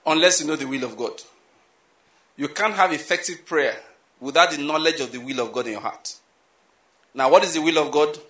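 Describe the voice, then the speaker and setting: A man preaching a sermon, animated and repetitive, full of rhetorical questions. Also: on the high side, brisk, long pauses, reverberant. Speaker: pastor.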